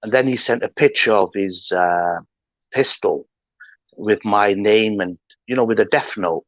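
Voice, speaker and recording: A livestream host rants in heated, casual talk, slangy, combative and full of swearing. His voice is lowish and unhurried, and the dry recording has dull lo-fi stream audio.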